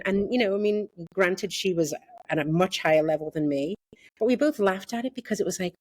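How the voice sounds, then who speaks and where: Scouse lady in her 60s, low voice, lots of "you know", dry close sound. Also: a little fast, darkish tone, no room sound. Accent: Liverpool. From Liverpool, England. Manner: chatty, many fillers like "you know". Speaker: podcast guest, interior designer. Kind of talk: casual interview chat.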